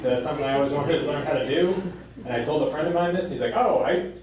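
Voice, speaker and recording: A man performing a stand-up comedy set on stage, with a deadpan delivery that jumps into high squeaky voices when he quotes people. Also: racing. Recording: live club recording from a distance, echoing room, crowd laughter. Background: audience laughter.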